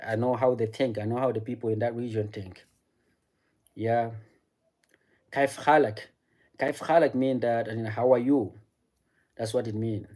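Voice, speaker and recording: A man's voice: lowish voice, mellow. A man whose first language is French, chatting casually with his live-stream audience, often repeating words and restarting sentences. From French-speaking African country. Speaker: streamer answering chat.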